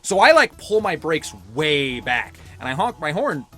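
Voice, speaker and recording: A man's voice: on the high side, very animated, measured pace, pushed and bright, soft background music. A young adult man chatting casually while playing a game, telling a story animatedly and swearing freely. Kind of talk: casual chat while gaming.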